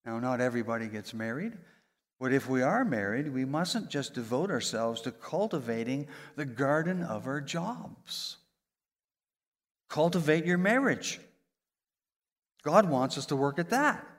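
A man preaching a sermon, his voice rising high and loud for emphasis and then dropping low and soft. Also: a little slow. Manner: animated preaching, voice rising and falling sharply for emphasis. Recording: long reverb of a large hall.

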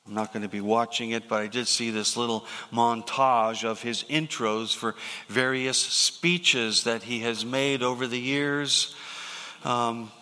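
A male pastor preaches at an unhurried pace, his tone bright and forceful. He asks rhetorical questions in a deliberate way, and his voice rings with a long reverb, as in a large church hall. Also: mid-range voice. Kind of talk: sermon.

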